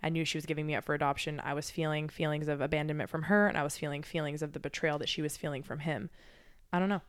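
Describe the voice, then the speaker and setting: Low, smooth-voiced woman, candid. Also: fairly even intonation, very fast. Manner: candid, reflective, swears freely, many fillers. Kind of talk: casual chat.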